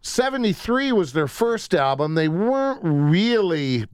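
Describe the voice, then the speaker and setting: A man's voice: high voice, big pitch swings, a little slow, clear, resonant tone, dry recording, studio quality. A man, a comedian and radio personality chatting casually and reminiscing. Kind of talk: casual podcast chat.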